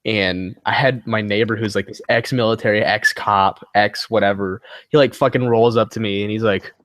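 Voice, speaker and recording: A man chatting casually with friends, telling lively stories and swearing often. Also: on the low side, normal speed, no echo. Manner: animated storyteller, swears often, acts out voices. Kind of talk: casual group chat.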